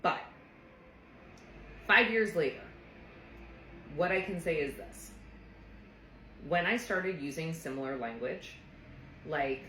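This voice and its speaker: A woman's voice: low voice, slow, long pauses, fairly bright tone, echoey room, slight background noise, rough recording. A woman therapist telling a personal story in a casual, earnest, reflective way, often saying "like". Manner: earnest, reflective, frequent "like" fillers.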